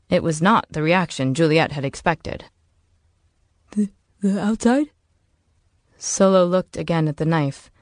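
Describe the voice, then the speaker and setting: This audiobook narration comes from a lowish-voiced woman reading a story in an even, measured manner from a script. It's recorded dry, with clean studio sound.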